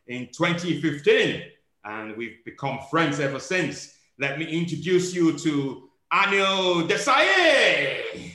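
A man's voice: a little high, pushed and bright, echoey room, exaggerated voice. A man playing a pompous, self-important African military dictator who hosts a podcast, speaking with an African accent. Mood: grand. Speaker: podcast host. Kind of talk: comedic character podcast chat.

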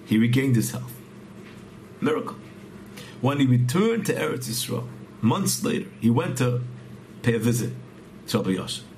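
A man's voice: medium pitch, lively intonation, moderate pace, pauses often, darkish tone, slight background noise. A man earnestly telling a religious story, often repeating words and restarting phrases as he goes. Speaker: storyteller teaching a religious tale.

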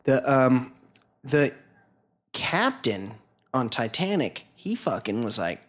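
A man's voice: mid-range voice, sing-song, slow, pauses often. A man co-hosting a podcast, telling a news story in a rambling, profane way, with lots of fillers. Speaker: podcast co-host. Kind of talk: casual chat.

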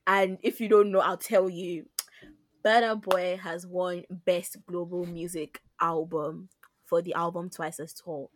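A woman's voice: lowish voice, little pitch movement, measured pace, no room sound. A woman co-hosting a podcast in casual chat, playful and teasing. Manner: playful, teasing, bursts of loud laughter. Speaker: podcast co-host.

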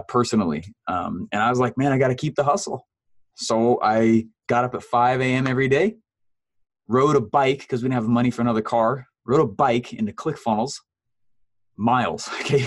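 In a casual interview, a guest in his thirties recounts his story with lots of animation and frequent laughter. His pitch jumps up whenever he voices someone he's quoting.

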